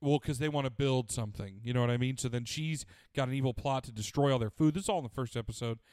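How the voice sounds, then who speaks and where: A man's voice: medium pitch, quick pace, smooth, dry recording, clean studio sound. A man chatting casually and crudely, animatedly retelling a show and quoting its characters. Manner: profane, animated retelling with quoted voices.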